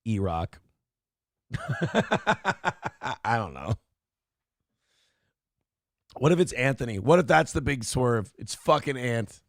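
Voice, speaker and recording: A man's voice: mid-range voice, very animated, takes it slowly, pauses often, dry recording, clean studio sound. A man hosting a late-night stream, a little drunk and tired, swearing freely and ranting when annoyed. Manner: swears a lot, grows irritated and rants. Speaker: streamer host. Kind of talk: profane casual stream chat.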